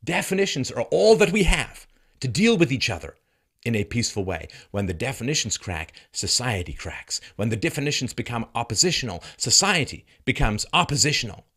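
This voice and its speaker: A male commentary host giving an emphatic, sarcastic monologue full of rhetorical questions and chuckles, dropping from loud mocking peaks to low, grave tones. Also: very animated, fairly quick, husky. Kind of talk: commentary monologue reacting to a news segment.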